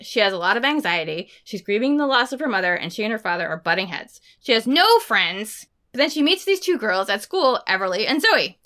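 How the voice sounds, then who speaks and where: Lively, bright-voiced woman podcast host. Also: a little high. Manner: excited, fast-talking, expressive. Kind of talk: casual book chat.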